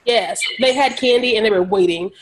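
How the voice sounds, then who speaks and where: A woman co-hosting a podcast, recapping a movie in casual chat with sarcastic, animated jokes and frequent laughter. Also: fairly high pitch, fairly quick. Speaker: podcast co-host.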